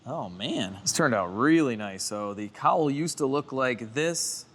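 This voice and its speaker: A man's voice: medium pitch, expressive, a little slow, a bit bright. A man talking casually while he works on a car in his garage, chatty and joking with himself, a little congested. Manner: chatty and self-joking, rambles on tangents. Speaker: car restoration vlogger. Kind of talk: casual talk-through while working on a car. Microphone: handheld camera while working.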